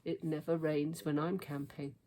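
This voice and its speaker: A woman's voice: deep voice, little pitch movement, moderate pace, dark tone. A woman voicing a stubborn dad who loves plain camping, read aloud in a storybook. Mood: firm. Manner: stern and insistent.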